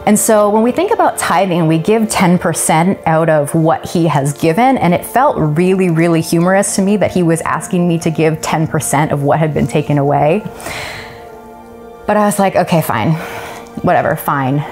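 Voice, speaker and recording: A woman's voice: lowish voice, normal speed, darkish tone, soft background music. Earnest woman giving a testimony. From Canada. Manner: earnest, emotional storytelling. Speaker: church member giving a testimony. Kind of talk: personal testimony.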